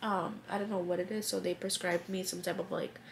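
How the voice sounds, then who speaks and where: A woman's voice: lowish voice, little pitch movement, a little fast, gravelly, a little hiss or hum. A woman in her twenties vlogging casually to camera, chatty and emotional, stuffy from a cold. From Connecticut, USA. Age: 20s. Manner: emotional, tearful, chatty with many fillers. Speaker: vlogger, new mother. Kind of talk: casual vlog chat to camera. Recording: music playing underneath.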